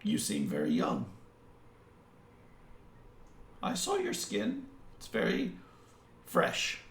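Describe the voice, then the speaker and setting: A man doing a scheming captive woman, teasing and mocking, with a slow, drawn-out delivery that swoops up and down. The voice is gravelly and sits in an echoey room. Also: medium pitch, wildly swooping pitch, fairly bright tone, a little hiss or hum, pitched below the performer's own voice, exaggerated voice. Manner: sly, teasing, drawn-out speech. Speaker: dungeon master.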